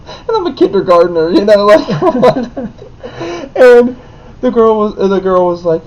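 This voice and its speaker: A young married man, the son of his co-host, telling a story in an animated way with lots of "like". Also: sits high, a little slow, long pauses. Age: young adult. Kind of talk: casual storytelling. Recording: dull lo-fi with faint noise.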